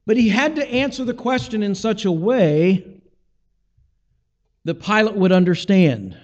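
A man's voice: high-pitched, animated, unhurried, a little mellow, long reverb tail, highs cut off. A man preaching a sermon, teaching and asking rhetorical questions, acting out the voices he quotes.

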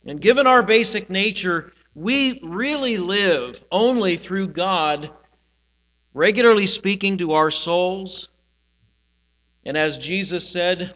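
A man's voice: sits high, slow pace, fairly bright tone, in a large hall, lo-fi sound. A man preaching a sermon as pastor, swelling and dropping his volume for emphasis.

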